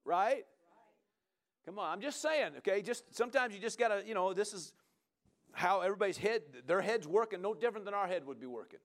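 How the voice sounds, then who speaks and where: A man preaching a sermon in a lively, conversational way, often asking the congregation "right?" and urging them on. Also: sits high, a little fast. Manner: animated, conversational preaching with frequent "come on" and "right?". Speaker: pastor.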